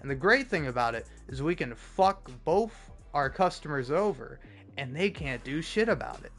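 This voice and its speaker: A man's voice: fairly high pitch, expressive, normal speed, a bit bright, soft background music. A young man rambling sarcastically over a game, swearing often and stumbling over restarts. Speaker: gaming streamer. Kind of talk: sarcastic rambling commentary while gaming.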